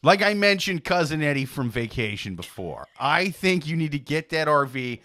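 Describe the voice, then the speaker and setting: Comic male guest, animated and bright, crude banter. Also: fairly high pitch, moderate pace, no room sound. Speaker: comedian guest. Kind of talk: casual podcast banter.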